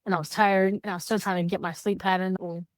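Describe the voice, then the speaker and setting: A woman co-hosting a podcast, talking candidly in casual heartfelt chat, animated when she quotes others. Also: fairly low pitch, fast, no room sound, studio quality. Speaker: podcast co-host.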